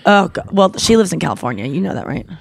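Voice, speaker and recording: A woman's voice: on the low side, big pitch swings, fast talker, vocal fry, no echo. A woman hosting a podcast in casual chat, rambling with lots of fillers. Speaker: podcast host. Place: Los Angeles studio.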